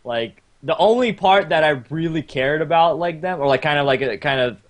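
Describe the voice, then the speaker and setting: A man's voice: a little high, expressive, a little fast. A man co-hosting a casual manga book club chat, rambling with hesitant fillers. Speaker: podcast co-host.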